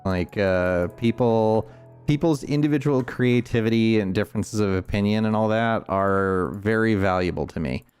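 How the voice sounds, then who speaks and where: A man with a Northeastern US accent and a low, deep voice chats casually over a game stream. He rambles thoughtfully and often restarts his sentences. Soft music plays faintly behind him. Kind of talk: casual gameplay chat.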